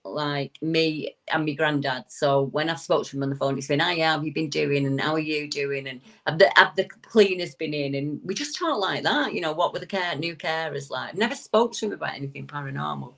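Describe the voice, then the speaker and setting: Animated woman telling a story. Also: a little fast, vocal fry. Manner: animated storyteller, swooping into high quoted voices, frequent restarts. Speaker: guest paranormal investigator. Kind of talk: casual storytelling on a talk show.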